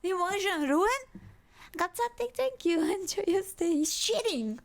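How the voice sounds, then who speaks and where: A woman streamer reacting casually to videos, excitable and swearing, with many exclamations. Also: extremely high pitch, normal speed.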